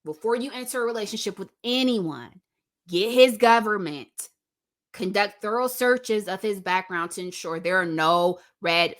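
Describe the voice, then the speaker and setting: A woman's voice: mid-range voice, a bit bright. A woman hosting a commentary channel, talking straight to her viewers and repeating her points for stress. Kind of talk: direct-to-camera commentary.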